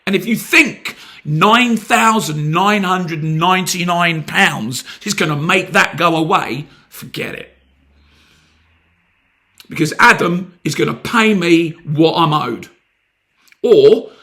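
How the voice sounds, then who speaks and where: A man's voice: fairly high pitch, a little slow, few pauses, bright, forceful tone. A British man making a heated, blunt complaint on a phone call, pressing and sarcastic. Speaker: complaining customer.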